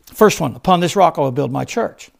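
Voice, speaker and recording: A man preaching a sermon, rising to loud fervent emphasis and then dropping to low, quiet stresses. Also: expressive, fairly quick, creaky. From United States.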